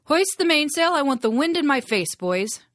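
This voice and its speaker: A woman's voice: on the low side, moderate pace, no room sound, clean studio sound, lightly acted. A woman voicing a commanding pirate queen who barks orders at her crew.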